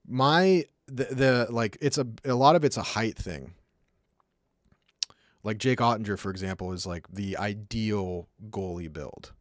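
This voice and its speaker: A man's voice: on the low side, measured pace, dry recording, clean studio sound. A young man streaming, casually talking through hockey clips in a chatty, rambling way with lots of fillers. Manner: chatty, rambling, acts out sounds, many fillers. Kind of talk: casual commentary.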